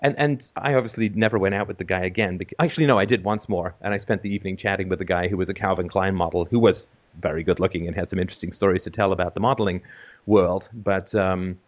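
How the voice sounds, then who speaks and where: A middle-aged man from Canada tells a story in casual conversation. His voice sits a little low, and he rambles along with fillers and restarts. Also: fairly even intonation, fast. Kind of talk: casual anecdote.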